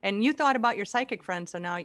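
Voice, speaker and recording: A woman, an author and speaker, guesting on a podcast in casual chat, quick-witted and upbeat. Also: medium pitch, a bit bright, dry recording.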